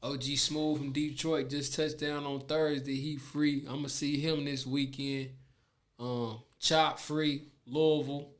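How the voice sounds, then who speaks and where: A man's voice: fairly high pitch, flat delivery, slow. A man talking in a laid-back, rambling way with heavy slang, in a casual conversation on a podcast.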